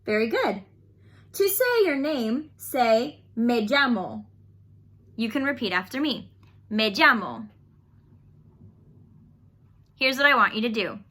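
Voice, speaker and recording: A woman's voice: on the high side, big pitch swings, slow, long pauses, bright, forceful tone. A woman teaching a beginner Spanish lesson online, explaining phrases patiently and leading repeat-after-me drills.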